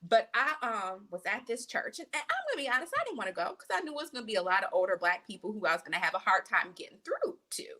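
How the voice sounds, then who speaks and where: A woman physician, a podcast guest, telling an animated, emphatic story in casual conversation. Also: medium pitch, fast talker, hardly any pauses.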